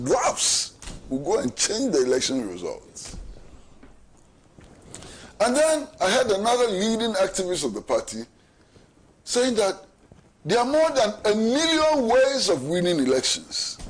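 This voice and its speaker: This middle-aged man with a Ghanaian English accent has a voice that sits high, with a little hiss or hum in the audio. As a talk show host, he gives emphatic political commentary and keeps repeating rhetorical questions.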